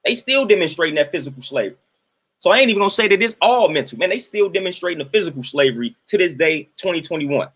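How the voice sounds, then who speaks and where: Man, slightly high and husky, emphatic preachy livestream host. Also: expressive, fast talker, a bit bright. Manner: repetitive, emphatic, sermon-like cadence.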